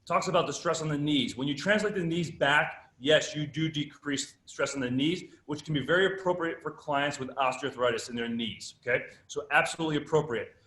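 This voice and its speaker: A man teaches a live fitness workshop, voice pitched a little high. He drives his points home emphatically and throws rhetorical questions at the audience. The sound is roomy and echoey. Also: a little fast, few pauses, fairly bright tone. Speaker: presenter at a fitness conference.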